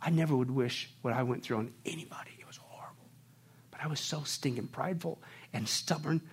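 A male pastor preaching a sermon, swinging between hushed near-whispers and loud, fervent delivery. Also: fairly high pitch, slightly rough.

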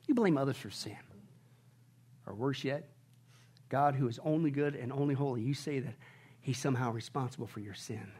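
A man preaching a sermon as a pastor, emphatic and repetitive, swinging from near-shouts down to hushed, low warnings and asking the congregation rhetorical questions. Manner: emphatic, repeats phrases, rises to shouting and drops to hushed tones.

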